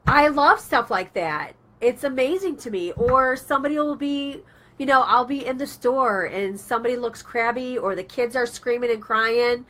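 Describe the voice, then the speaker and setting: Casual chat and little acted-out stories with quoted voices fill this woman's online talk radio show. She's animated and chatty, speaking at a moderate pace in a fairly high-pitched voice.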